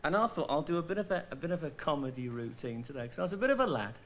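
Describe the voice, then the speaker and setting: A man with a Black Country accent, a guest comedian on a television talk show, telling deadpan anecdotes with quick punchlines. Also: fairly high pitch, crowd noise. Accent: Black Country English. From West Midlands of England. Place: television studio with audience.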